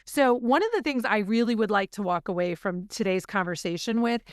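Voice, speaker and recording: A woman's voice: mid-range voice, a little fast, no echo, clean studio sound. A woman co-hosting a podcast, talking candidly and reflectively in a casual chat. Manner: candid, reflective, openly emotional. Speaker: podcast co-host.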